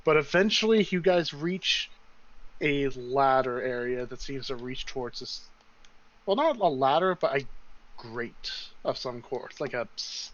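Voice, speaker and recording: A man narrating as game master for a tabletop game, in a casual, halting way with many fillers. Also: mid-range voice, expressive. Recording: dull lo-fi sound.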